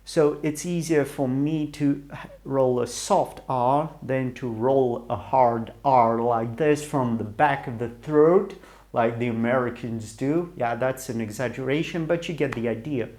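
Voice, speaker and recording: Hesitant Romanian-accented man, slow and halting. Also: medium pitch, darkish tone. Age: middle-aged. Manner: hesitant, searching for words, many restarts. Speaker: YouTuber. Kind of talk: rambling solo talk to camera.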